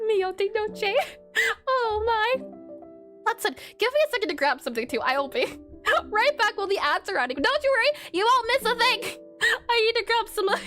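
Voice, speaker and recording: A woman's voice: very high-pitched, pushed and bright. A woman streaming herself drawing pixel art, chatting casually with viewers and giggling often between fillers. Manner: giggly, bubbly, many fillers. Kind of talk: casual live-stream chat while drawing.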